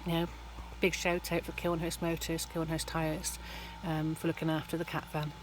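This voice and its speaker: A woman's voice: low voice, completely flat delivery, moderate pace, background noise. A middle-aged woman, giving a rambling, chatty vlog update from her van at a garage, full of ums and restarts. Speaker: van life vlogger.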